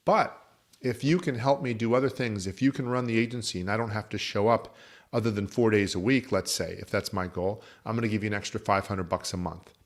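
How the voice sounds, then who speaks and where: A man teaching as a business coach, explaining methodically with worked examples. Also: lowish voice. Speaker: insurance agency coach. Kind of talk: instructional talk.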